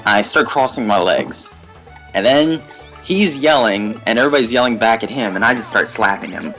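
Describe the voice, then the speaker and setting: A young man on a gaming livestream, telling a rambling, animated story and laughing at it. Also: mid-range voice, moderate pace, soft background music, low-quality recording. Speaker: gaming streamer. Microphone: desk mic at a facecam setup.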